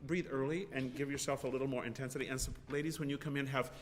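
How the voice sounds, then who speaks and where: A man's voice: mid-range voice, steady tone, quick pace. A man leads a choir rehearsal, calling out encouraging but precise notes on diction and phrasing. His voice carries a long hall reverb, with faint background noise. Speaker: choir conductor. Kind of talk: rehearsal coaching.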